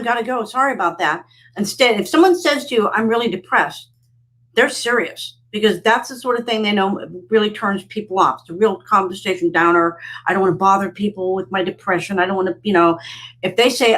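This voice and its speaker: Woman guest, plain mid-pitched voice, blunt and to the point. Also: fairly quick, a bit bright, poor audio. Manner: blunt, direct, matter-of-fact. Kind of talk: casual chat.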